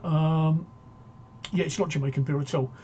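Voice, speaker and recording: A man's voice: on the high side, steady tone, normal speed, mellow, highs cut off, slight background noise. A man hosting a casual live-stream talk show, rambling and joking as he reads out viewer comments.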